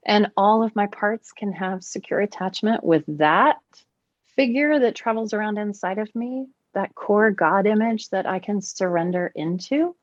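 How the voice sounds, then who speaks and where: A woman speaking as a podcast guest and teacher, animated and expressive, her voice swinging widely in pitch as she explains her ideas. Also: unhurried, dry recording, highs cut off. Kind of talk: conversational podcast interview.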